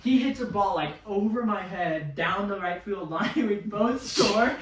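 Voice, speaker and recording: A young man telling a baseball story in casual chat. He talks in an animated way, swears a lot and loudly mimics other people's voices. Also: sits high, a little slow. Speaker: podcast guest, baseball player. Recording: echoey room, mic at a distance.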